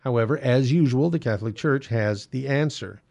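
Gravelly man explaining church teaching. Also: medium pitch, moderate pace, mellow. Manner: conversational, frequent fillers and restarts. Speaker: Catholic apologetics host. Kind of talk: casual explanatory monologue.

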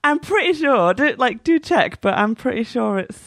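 Gravelly, lively woman chatting. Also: on the high side, dry recording, clean studio sound. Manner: quick interjections and murmured agreement. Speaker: podcast co-host. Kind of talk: casual chat.

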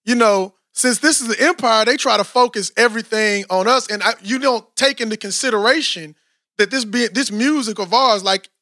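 Guy in his 40s, rambly slangy podcast chat, bright high voice. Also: normal speed, no echo, studio quality. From Texas, USA. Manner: animated, rambling, slangy, frequent "you know what I'm saying". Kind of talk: casual chat.

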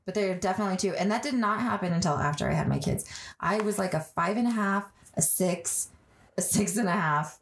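A woman's voice: medium pitch, slight background noise. Chatty, laughing woman co-host. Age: adult mother. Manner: chatty, profane, quick to laugh. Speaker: podcast co-host, wife. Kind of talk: casual couple chat.

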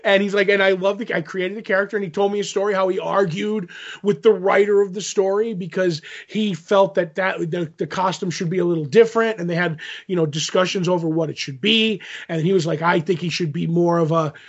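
Man, high voice, casual chat, rambling storyteller, dull lo-fi audio. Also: steady tone, brisk. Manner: rambling anecdote, lots of "I'm like", acts out quotes. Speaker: podcast co-host telling a convention story.

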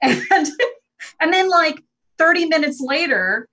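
A woman co-hosting a podcast, telling an anecdote in a lively, laughing, casual way. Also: sits high, takes it slowly, rough recording. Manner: animated, laughing storyteller. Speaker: podcast co-host. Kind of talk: casual chat.

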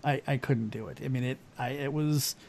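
Gravelly-voiced guy on a podcast, telling a story straight, gets quiet at the heavy bits. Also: mid-range voice, steady tone, moderate pace, slight background noise. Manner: storytelling, candid, quiet when serious. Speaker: podcast co-host. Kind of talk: casual podcast chat.

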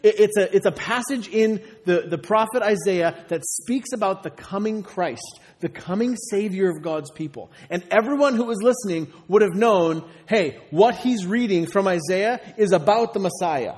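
A man's voice: high-pitched, normal speed, darkish tone. A man preaching a sermon as a pastor, conversational and full of rhetorical questions. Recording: long reverb of a large hall.

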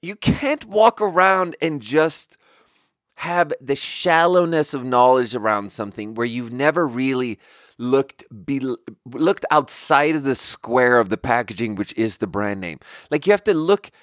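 A man's voice: medium pitch, animated, unhurried, no echo, studio quality. A young man from Sweden telling a rambling, exasperated story in casual podcast chat and swearing freely. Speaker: podcast host.

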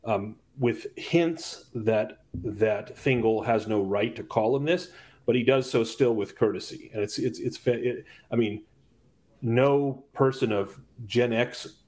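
A man's voice: mid-range voice, a little slow, a little mellow. A man co-hosting a book podcast, praising the prose with emphatic, repeated phrases. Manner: enthusiastic, emphatic opinions with repetitions. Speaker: podcast co-host. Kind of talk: casual book discussion.

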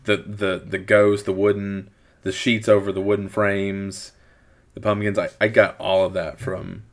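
A man's voice: on the low side, level tone, measured pace. A middle-aged man chatting casually about a movie he loves. He rambles, repeating words as he works out his thoughts. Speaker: podcast host. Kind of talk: casual movie review chat.

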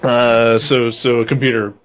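A man's voice: mid-range voice, little pitch movement, measured pace, noisy background. A man co-hosting a podcast in casual chat, rambling with dry jokes. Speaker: podcast co-host.

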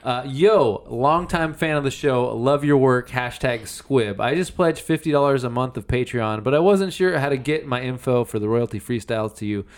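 A man's voice: medium pitch, moderate pace, hardly any pauses. Dry, laid-back male podcast host. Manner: dry, laid-back, reads listener emails aloud. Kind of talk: casual podcast banter.

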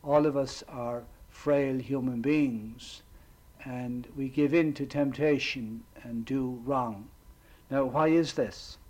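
A middle-aged man, a priest, giving a reflective storytelling sermon with measured pauses. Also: mid-range voice, darkish tone, rough recording.

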